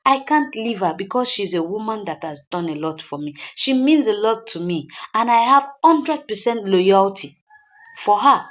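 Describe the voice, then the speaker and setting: A woman's voice: mid-range voice, lively intonation, moderate pace, fairly bright tone, close to an everyday voice. Woman telling of an earnest loyal man. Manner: earnest, repeating lines for emphasis. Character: devoted younger man advising a rival husband. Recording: slightly dull lo-fi recording.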